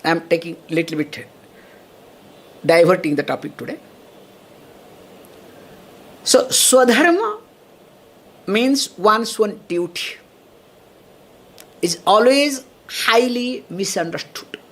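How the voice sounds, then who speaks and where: A woman's voice: mid-range voice, big pitch swings, slow, pauses often, breathy edge. A woman teaching Vedanta as a swami, often checking in with her listeners and laughing between points. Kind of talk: spiritual lecture.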